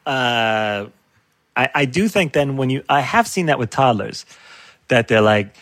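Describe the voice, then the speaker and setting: A man's voice: mid-range voice, lively intonation, a little slow, fairly bright tone, dry recording. A male comedian in a casual chat, laughing often as he riffs and acts out silly voices. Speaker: comedian guest.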